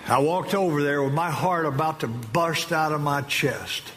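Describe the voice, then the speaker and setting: A man giving an emotional personal testimony to an audience, earnest and halting, with slow emphatic phrases. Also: on the high side, a bit bright. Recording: long reverb of a large hall with faint ambient noise.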